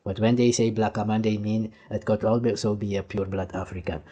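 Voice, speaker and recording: A man's voice: on the low side, flat delivery, fairly quick, mellow. A man from Suriname with a Surinamese accent, lecturing the viewer in heated, repetitive reaction commentary. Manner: heated, lecturing, repeats "you see" and "nigga". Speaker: commentator reacting to archive clips.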